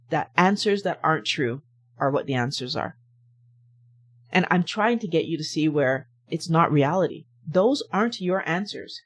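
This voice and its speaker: Emphatic woman hosting a health talk. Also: lowish voice. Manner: emphatic, repetitive rhetorical questions. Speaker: health channel host. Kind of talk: motivational talk to camera.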